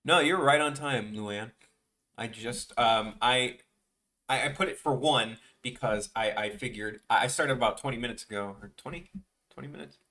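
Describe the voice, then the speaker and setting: A man's voice: medium pitch, normal speed, sharp tone. A young man with a Chicago accent chatting casually with viewers on a drawing livestream, rambling with lots of restarts. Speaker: art streamer.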